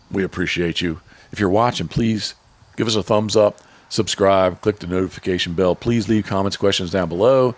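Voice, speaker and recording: A man's voice: low voice, normal speed. A man hosting a casual podcast, rambling through sponsor reads in an easygoing way. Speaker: podcast host.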